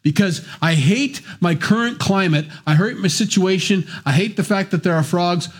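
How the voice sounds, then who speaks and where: A man's voice: high voice, animated, moderate pace. A man preaching a sermon, reading scripture and breaking off for casual, joking asides. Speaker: pastor.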